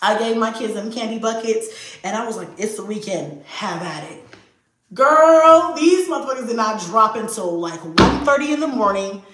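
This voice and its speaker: Animated woman chatting in an echoey room. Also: on the high side, moderate pace. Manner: animated, acts out voices of her kids; swears freely. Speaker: video host. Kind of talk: casual chat to viewers.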